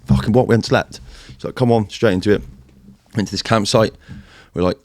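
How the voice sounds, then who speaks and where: Fast-talking man, low and sweary. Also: creaky. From United Kingdom. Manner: fast, sweary, animated storytelling in military slang. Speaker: podcast guest, former Royal Marine. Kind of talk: casual podcast chat.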